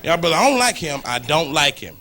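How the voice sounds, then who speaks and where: A man's voice: a little high, very animated, a little fast, voice pushed down. A man on a comedy stage voicing a bossy, mean girlfriend who snaps at her partner. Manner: bossy, curt. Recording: live club recording, loud crowd.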